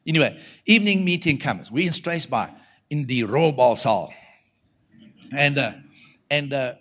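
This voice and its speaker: A middle-aged South African man preaching through a long personal story. His pitch sits in an ordinary middle range. He leaps up and down in tone as he acts out what each person said. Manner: animated, acts out the voices in his stories. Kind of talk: storytelling sermon.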